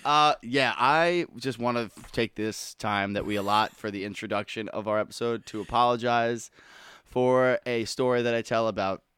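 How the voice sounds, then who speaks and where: Young man, podcast co-host, easygoing, laughing, casual chat, middle pitch, dry close sound. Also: normal speed, fairly bright tone, smooth, no room sound. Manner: laughing, easygoing, retells stories.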